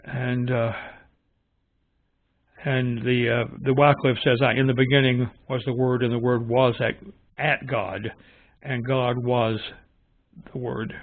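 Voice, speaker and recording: A man talks through his views in a musing, halting, opinionated way, like a host chatting on his own channel. The audio is thin and phone-like. It is dry, with no room echo. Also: medium pitch, little pitch movement. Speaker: channel host reviewing Bible translations. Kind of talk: casual spoken commentary.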